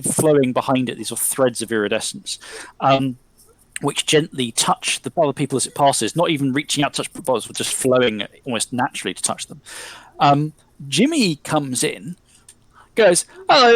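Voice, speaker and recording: A man's voice: medium pitch, moderate pace, no room sound, poor audio. A man narrating a tabletop role-playing game as game master, rambling with many ums and likes.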